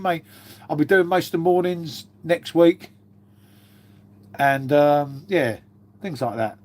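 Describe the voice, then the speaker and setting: A rambling, matey man on a live stream. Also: fairly high pitch. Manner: matey and rambling, calls everyone mate, swears freely. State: unwell with a cough. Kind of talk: casual live-stream chat reading viewer comments.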